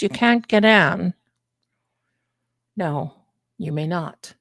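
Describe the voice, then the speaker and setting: A woman's voice: medium pitch, takes it slowly, creaky, long pauses, no room sound, studio quality. Chatty woman hosting a live stream. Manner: chatty, animated, addresses viewers as "my loves". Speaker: livestream host. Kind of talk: casual live-stream chat.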